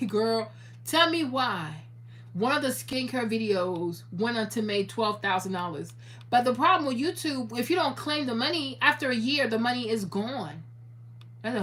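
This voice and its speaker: Animated profane woman vlogging. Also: a little high, normal speed. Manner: animated, profane, preachy, talks straight to viewers. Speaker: YouTuber. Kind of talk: casual monologue to viewers.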